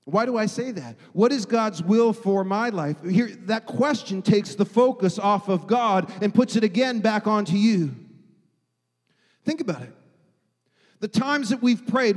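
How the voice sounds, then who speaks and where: Emphatic high-voiced preacher in a hall. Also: male voice, a little slow. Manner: emphatic, swings from loud to hushed. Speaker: pastor. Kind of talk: sermon.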